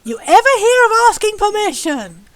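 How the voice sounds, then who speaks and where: A woman's voice: very high voice, sing-song, normal speed, a bit bright, no echo, faint music behind, voice pushed up, full character voice. A British woman voicing a blunt, sassy young heroine in a video game. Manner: blunt, brash.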